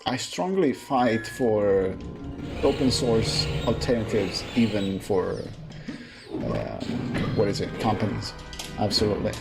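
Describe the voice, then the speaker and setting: A man's voice: on the low side, big pitch swings, takes it slowly, creaky. A man streaming a speedrun, rambling in a casual, jokey way between runs. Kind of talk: casual gameplay commentary. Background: game music.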